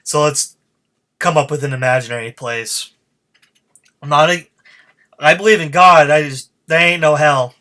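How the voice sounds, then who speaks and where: A man rants alone into his podcast mic, swearing freely and working himself into a fired-up state. His voice has a bright, cutting edge throughout. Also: on the high side, moderate pace, pauses often. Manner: fired-up, profane, ranting. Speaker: podcast host. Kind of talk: solo podcast rant.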